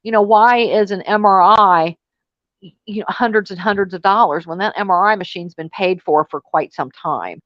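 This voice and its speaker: A chatty woman hosts a casual online talk and tells stories with exasperated emphasis. Her voice sits at a middle pitch and sounds slightly muffled and lo-fi. The room is dry, with no echo. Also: normal speed. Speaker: host. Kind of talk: casual panel chat.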